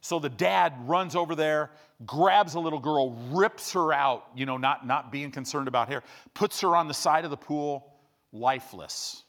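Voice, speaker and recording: A man preaching a sermon, telling stories animatedly, with sudden loud bursts and quiet asides. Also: normal speed. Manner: animated storyteller, swings between loud bursts and low hushed asides. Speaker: pastor. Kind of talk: sermon storytelling.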